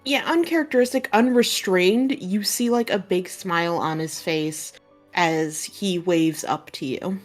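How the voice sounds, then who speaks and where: Slow-paced woman running a tabletop game. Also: lowish voice, faint music behind. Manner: unhurried, heavy with "like" and "uh" fillers. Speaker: game master.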